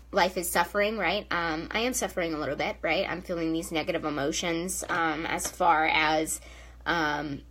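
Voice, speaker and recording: A woman's voice: on the low side, bright, forceful tone, poor audio. A young woman, a spiritual coach, talking casually to viewers on a live stream, with many fillers and "right?" tags.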